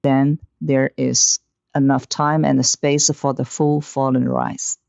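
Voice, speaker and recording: Slow, gravelly male language teacher. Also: medium pitch, level tone, a little mellow, no room sound. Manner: slow, deliberate, instructive. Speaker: Mandarin pronunciation teacher. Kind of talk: scripted language lesson. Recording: dull, slightly lo-fi, dry sound.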